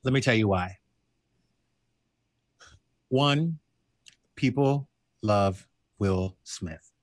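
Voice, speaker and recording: A man from the American South, a guest on a casual podcast, telling stories in a sassy, blunt, animated way. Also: drawn-out words, no room sound. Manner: animated storyteller who acts out quotes in a high voice. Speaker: guest, TV host.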